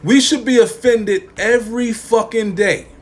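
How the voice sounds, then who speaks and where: In a high voice and at a measured pace, a man hosting a podcast rants about his opinions. He uses profane, slangy language and keeps repeating lines to press his point.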